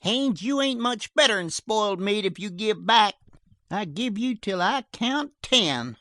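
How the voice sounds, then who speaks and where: A man voicing a shrill, eager frontier sheriff who shouts his challenges across the mountains. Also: sing-song, slow, dry recording, heavily acted. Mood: shouting challenge. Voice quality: shrill, carrying calls. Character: shrill-voiced methodical sheriff, eager and hungry.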